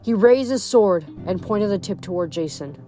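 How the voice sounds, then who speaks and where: A woman's voice: mid-range voice, expressive, moderate pace, mellow, soft background music. A young woman reading a novel aloud, then chatting casually about it with fillers. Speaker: reader.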